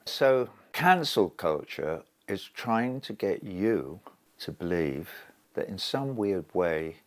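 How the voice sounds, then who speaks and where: An older man talks with fierce conviction. His voice is gravelly and low-pitched. The delivery swings widely in pitch as he presses each point. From England. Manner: impassioned, emphatic, indignant. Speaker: interviewee. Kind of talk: impassioned interview monologue.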